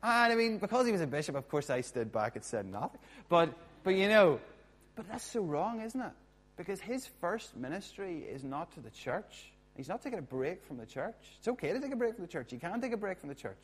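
A man preaching a sermon as a pastor, chatty and jokey with quick asides. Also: sits high, sing-song.

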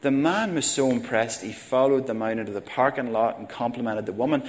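A man's voice: medium pitch, a little fast, hardly any pauses, big-room sound. A man preaching a sermon, talking plainly and calling his listeners folks. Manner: conversational, addresses congregation as folks. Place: church.

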